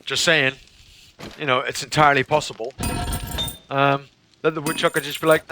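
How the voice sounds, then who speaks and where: A man's voice: fairly high pitch, fairly even intonation, brisk, bright, forceful tone, a little hiss or hum. A man streaming a game, rambling goofily and stumbling through tongue twisters. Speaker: gaming streamer. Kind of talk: playful live-stream chatter.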